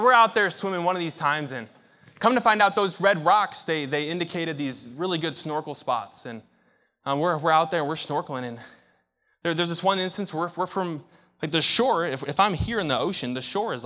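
A young man preaching a sermon, telling a story with big swings from hushed to shouting. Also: on the high side, a little fast.

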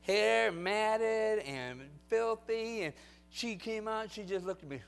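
High-voiced man preaching with fervor. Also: slow, gravelly, clean tone, soft background music. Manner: animated preaching that swings from quiet storytelling to loud exhortation. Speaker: pastor. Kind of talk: storytelling sermon.

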